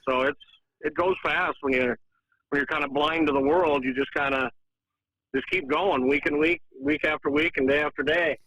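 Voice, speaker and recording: A man's voice: on the high side, fairly even intonation, normal speed, fairly bright tone, breathy edge, highs cut off. A football coach in his forties, talking through game plans on a radio interview with plenty of fillers and restarts. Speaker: high school football coach.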